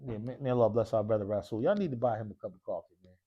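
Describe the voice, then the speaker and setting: A man's voice: lowish voice, rapid-fire, muffled recording. A man teaching an Arabic grammar class in a mosque classroom, constantly quizzing his students with questions. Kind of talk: classroom lesson.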